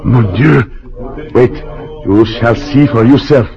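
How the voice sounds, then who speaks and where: An actor playing a commanding former rebel leader turned governor, brusque and impatient, dropping French phrases, in an old-time radio drama. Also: male voice, mid-range voice, slow pace. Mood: grim. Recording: dull lo-fi old radio recording.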